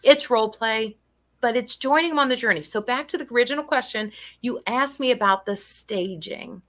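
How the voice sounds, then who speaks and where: A woman's voice: a little high, normal speed, fairly bright tone. A woman in her sixties, a nurse and guest, explaining dementia care earnestly and acting out the people she quotes. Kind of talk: casual conversation.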